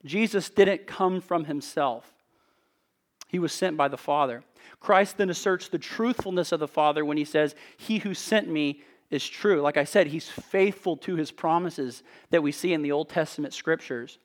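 Man, preacher, expository sermon, earnest and emphatic, slightly higher voice. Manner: earnest, emphatic, rhetorical preaching with measured pauses.

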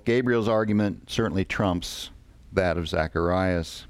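A man preaching a sermon, reading scripture slowly and deliberately with pauses. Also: lowish voice, no room sound.

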